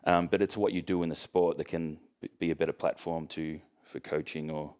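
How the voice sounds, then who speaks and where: A young Australian man chatting casually as a podcast guest, joking and relaxed, with lots of ums. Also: very deep voice, brisk, clear, resonant tone. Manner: joking, relaxed storytelling with fillers. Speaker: guest, professional bodybuilder.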